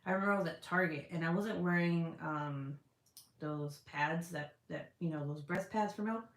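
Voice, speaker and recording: A woman's voice: on the low side, moderate pace. A woman chatting casually with her livestream audience, candid and chatty, swearing freely as she talks. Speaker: livestream host. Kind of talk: casual chat. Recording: roomy echo.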